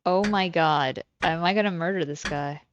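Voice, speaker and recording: A woman streamer giving excitable, giggly commentary while playing a game. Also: fairly low pitch, normal speed, muffled recording, a little hiss or hum. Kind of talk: casual gaming commentary.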